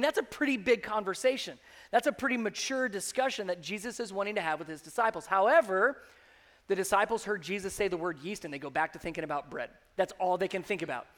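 A man, a pastor, preaching a sermon and acting out the voices he quotes. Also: high voice. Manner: animated, acts out quoted voices.

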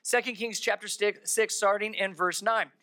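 Bright, animated sermon storyteller. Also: medium pitch, unhurried. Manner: conversational, animated storytelling with asides to the congregation. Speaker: pastor. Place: church service held in a darkened theater.

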